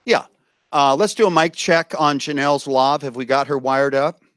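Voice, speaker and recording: A man at mid pitch emcees a conference crowd, lively and coaxing as he lays down the ground rules. He talks into a handheld microphone with a dry, close sound. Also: normal speed, no room sound. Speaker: event emcee. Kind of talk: briefing a live audience. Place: conference room with a live audience.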